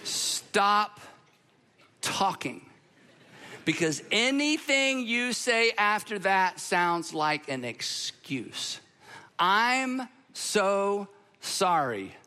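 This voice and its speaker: In a large hall, a pastor preaches with emphasis in a bright, high-pitched male voice, lingering on slow, weighty silences and then rushing ahead in spirited bursts.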